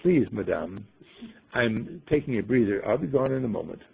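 A man voicing a calm, wise talking bird that lectures patiently, with a husky, gravelly voice. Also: on the low side, moderate pace, phone-quality sound, exaggerated voice.

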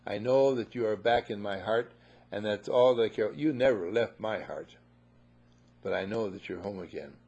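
A tender, loving father speaks low and quietly, as a man puts him on in a husky voice. He reassures his son gently. The sound comes through a dull, lo-fi recording. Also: normal speed. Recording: muffled lo-fi recording.

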